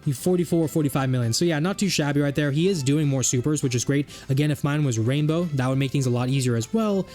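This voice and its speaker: A man's voice: a little high, quick pace, hardly any pauses, a little mellow, faint music behind. Exasperated man rambling over gameplay. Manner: rambling and exasperated, thinking aloud. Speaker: gaming YouTuber. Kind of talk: casual gameplay commentary.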